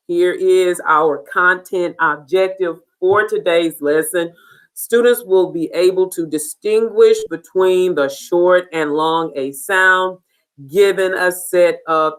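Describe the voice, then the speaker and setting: A woman teacher giving an online phonics lesson, speaking patiently and sounding out each letter clearly. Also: lowish voice. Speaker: reading intervention teacher.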